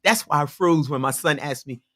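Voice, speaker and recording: A woman's voice: low-pitched, normal speed, fairly bright tone. A woman in her fifties speaking as a radio guest, giving earnest, emphatic testimony and repeating her key points for emphasis. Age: 50s. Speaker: radio show guest, abuse survivor and healer. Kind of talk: earnest personal testimony and advice. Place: radio studio.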